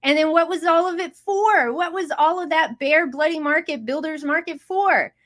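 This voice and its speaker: Woman hosting a live audio chat, high voice, super hyped and chatty. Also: normal speed, a bit bright. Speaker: host.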